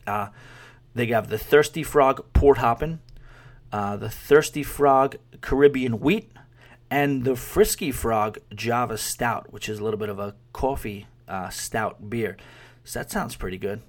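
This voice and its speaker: A man's voice: mid-range voice, unhurried. A man hosting a podcast in casual chat, rambling with amused asides and often trailing off mid-thought. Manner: rambling, amused, laughs while talking, trails off. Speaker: podcast host.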